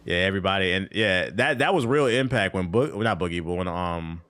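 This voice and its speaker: Male gaming streamer, low-pitched, animated, profane and casual with his audience. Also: brisk, smooth. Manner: loose, profane slang, reacts to chat. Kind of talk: casual live-stream commentary while playing.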